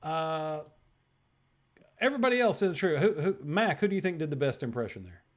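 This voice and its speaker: A man's voice: on the high side, very animated, brisk. A man hosting a virtual improv show over a video call, loose and rambling with fillers.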